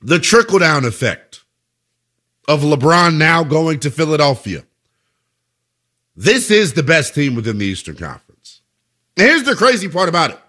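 A man's voice: fairly high pitch, sing-song, normal speed, pauses often, bright, forceful tone. A man hosting a sports talk radio show, delivering an emphatic, conversational monologue full of rhetorical questions.

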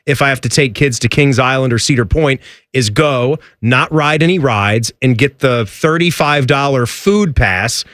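A man's voice: medium pitch, normal speed, a bit bright, no room sound, studio quality. A man co-hosting a casual sports talk show, chatty and teasing as he corrects how names are said. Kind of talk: casual chat.

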